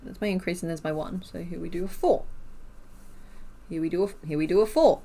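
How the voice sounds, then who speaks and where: A woman's voice: fairly low pitch, fairly quick, long pauses, dark tone, slight background noise. An Australian woman streaming while she crochets, chatting casually, laughing often and counting stitches under her breath.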